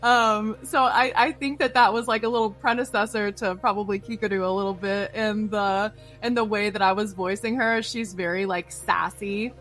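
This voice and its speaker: A woman's voice: mid-range voice, fairly even intonation, normal speed, hardly any pauses, fairly bright tone, faint music behind. A woman voice actress talking as a guest in a casual interview, bubbly and gushing, often saying "like". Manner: bubbly, gushing, heavy use of "like".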